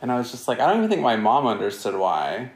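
A man's voice: mid-range voice, sing-song. A man hosting a podcast, chatting casually and teasing his guest with crude jokes. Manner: joking, teasing, quick to crude punchlines. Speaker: podcast host. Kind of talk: casual crude comedic chat. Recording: roomy echo.

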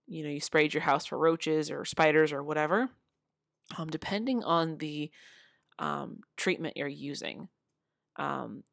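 Woman, low voice, dry close sound, earnest casual vlogger. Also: vocal fry, no echo. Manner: earnest, many fillers, with laughs. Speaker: motivational speaker. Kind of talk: casual talk to camera. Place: city home.

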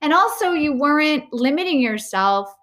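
A woman's voice: high voice, animated, moderate pace, a bit bright. A woman hosting a podcast interview, talking casually and chattily, with many restarts. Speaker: podcast host.

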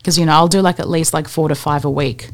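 An Australian woman, a stand-up comedian, talking casually on a podcast, full of fillers and quick laughs. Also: deep voice, steady tone.

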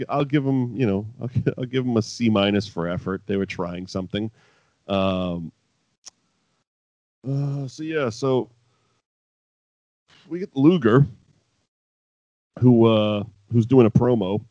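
A man co-hosting a podcast chats casually about old wrestling, rambling along with profanity and laughing asides. His voice is fairly low and warm, with a measured pace and frequent pauses. The recording is dull, lo-fi and dry, with no room sound.

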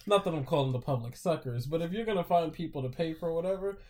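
Guy guesting on a podcast, warm low-key voice, lots of ums and uhs. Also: quick pace. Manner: rambling, hesitant, many fillers. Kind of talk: casual podcast chat.

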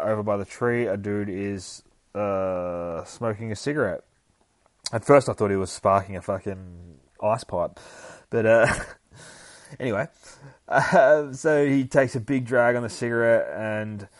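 A man's voice: sits low, no echo. A man hosting a podcast, recapping a horror comic in a casual, laughing, profane way. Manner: laughing, profane, animated storytelling. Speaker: podcast host.

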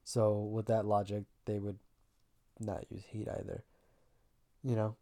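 A woman's voice: extremely low pitch, little pitch movement, measured pace, mellow. A young woman with a Long Island accent co-hosting a podcast, talking offhand and sarcastic, swearing and trailing off mid-thought. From Long Island, New York. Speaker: podcast co-host. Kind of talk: casual chat.

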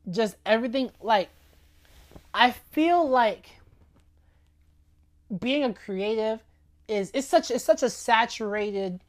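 A woman giving a casual faith talk, speaking conversationally and often checking in with "right?". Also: on the high side. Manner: conversational, keeps asking "right?" and "you know what I'm saying?".

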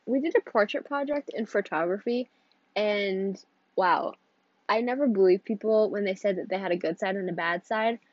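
Teen girl solo podcaster, giggly and rambling, mid-pitched, dull-sounding dry mic. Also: normal speed, a little mellow, no echo. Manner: rambling, giggly, self-interrupting. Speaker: podcast host. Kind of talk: casual solo podcast chat.

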